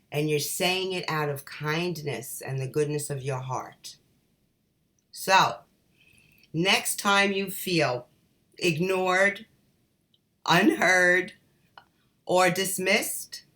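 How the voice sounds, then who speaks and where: Woman life coach, middle-aged, low-pitched, unhurried, calm and encouraging. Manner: calm, encouraging, addresses viewers as ladies. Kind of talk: motivational talk to camera.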